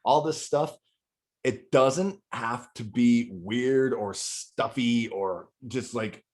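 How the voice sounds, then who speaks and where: A man's voice: medium pitch, slow pace. A middle-aged man talking as a podcast guest, telling a candid personal story in a rambling, profane way with many restarts.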